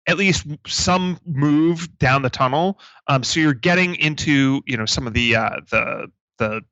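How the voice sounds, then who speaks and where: A man's voice: medium pitch, bright, forceful tone, no echo, highs cut off. A man narrating a tabletop game as game master, casual and full of fillers. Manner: casual, many fillers and restarts.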